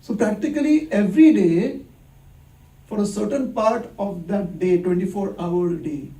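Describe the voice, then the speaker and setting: A man's voice: sits high, unhurried, dark tone. A man giving a conversational sermon, telling stories with rhetorical questions and acted-out dialogue. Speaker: preacher. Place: temple hall. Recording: echoey hall, distant mic.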